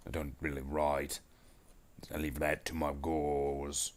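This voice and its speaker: A man's voice: a bass voice, flat delivery. A man streaming while he paints miniatures, voicing a bragging male orc warboss who rambles on. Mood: boastful. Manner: rambling, boastful, with slow drawn-out declarations. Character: boastful male orc warboss, big and bossy. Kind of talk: casual live stream chat in character.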